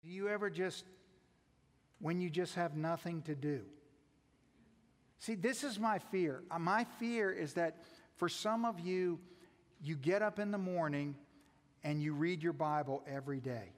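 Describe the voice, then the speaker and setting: A man, a pastor, preaching a sermon, putting many questions to his listeners and moving between raised emphasis and soft asides. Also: fairly high pitch, unhurried, long pauses. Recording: long reverb of a large hall.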